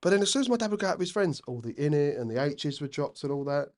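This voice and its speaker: A young man, chatting as a podcast guest, an animated storyteller who swears freely. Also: on the high side, very fast. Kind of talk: casual chat.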